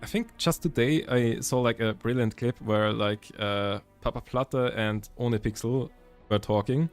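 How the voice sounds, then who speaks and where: Soft music plays behind this young adult man from Germany as he talks to his stream audience in a German accent. He speaks at a measured pace in a mid-range voice, rambling casually and frequently correcting himself.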